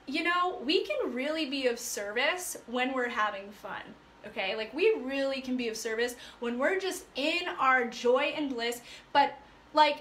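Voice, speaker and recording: Bright, high-voiced chatty woman. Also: reverberant. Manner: chatty, animated, full of "like" fillers. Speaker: life coach. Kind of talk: casual storytelling to live viewers.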